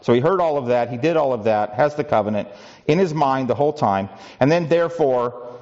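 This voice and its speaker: A man's voice: medium pitch, expressive, a little fast, darkish tone, dull audio. A pastor preaching a conversational sermon, asking the congregation rhetorical questions and often restarting his sentences. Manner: frequent restarts and filler words.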